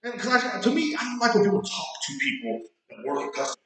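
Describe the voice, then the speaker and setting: A man's voice: very high-pitched, huge pitch swings, fast, fairly bright tone. A man hosting a podcast, telling a rambling, profane story and acting out the people in it. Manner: profane, rambling anecdote with acted quotes. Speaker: podcast host. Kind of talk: casual storytelling. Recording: very echoey room.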